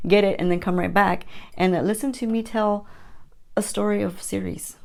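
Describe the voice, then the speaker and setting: A woman's voice: medium pitch, fairly even intonation, normal speed, creaky. A woman beauty vlogger telling a rambling, chatty storytime with playful asides, recorded on her phone at home at night. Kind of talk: casual storytime chat.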